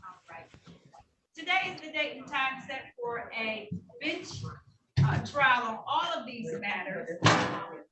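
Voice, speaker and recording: A woman judge running a hearing over a video call, talking in a patient, reassuring, businesslike way. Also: high voice. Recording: echoey room, picked up from a distance, faint noise.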